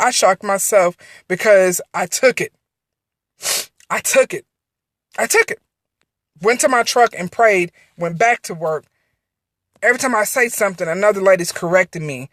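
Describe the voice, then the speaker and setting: A woman's voice: medium pitch, fairly bright tone, no echo, clean studio sound. A woman giving an emotional, faith-filled testimony on a phone livestream, repeating herself as she speaks from the heart. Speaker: network marketing director.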